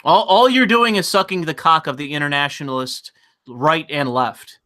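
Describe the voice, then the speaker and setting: Bright-voiced man ranting about politics. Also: fairly high pitch, normal speed. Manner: profane, ranting, repeats words. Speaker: host. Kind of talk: casual political chat.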